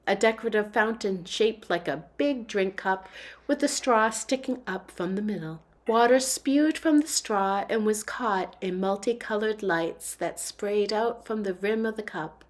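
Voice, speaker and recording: A woman reading a novel aloud in a steady storytelling manner. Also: medium pitch. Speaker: book reader.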